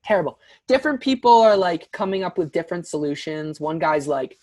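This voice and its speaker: A man's voice: fairly high pitch, a little fast, hardly any pauses, no echo. Young man telling a wild story. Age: young adult. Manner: animated, filler-heavy, frequent "like". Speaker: podcast guest. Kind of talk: casual storytelling.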